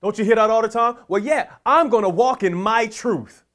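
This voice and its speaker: A man's voice: high voice, moderate pace, a bit bright. A man preaching a sermon, fervent and prayerful, repeating his exhortations.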